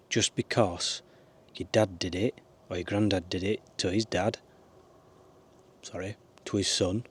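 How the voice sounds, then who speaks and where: In a deep, slightly rough voice, a man vlogs from a small camper van. He talks to the camera with casual, rambling, earnest life advice and throws in a swear word now and then.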